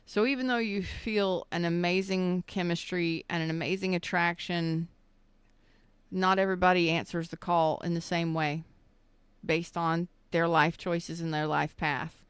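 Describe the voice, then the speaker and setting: A woman gives a live tarot reading, choked up and emotional, her words slow and soothing with halting pauses. Her voice sits somewhat low and sounds smooth and resonant, recorded close and dry. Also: fairly even intonation, no room sound. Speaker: tarot reader.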